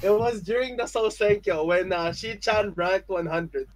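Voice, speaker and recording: A man co-hosting a casual podcast chat, excitable, laughing often and bursting out loud. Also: sits high, measured pace, very noisy. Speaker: podcast co-host.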